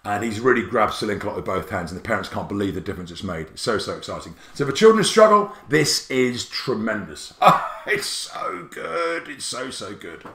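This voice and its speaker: A man presenting a spelling tutorial for teachers in an excitable, theatrical and jokey way. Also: on the low side, fast, hardly any pauses, roomy sound. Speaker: app creator and teacher presenter.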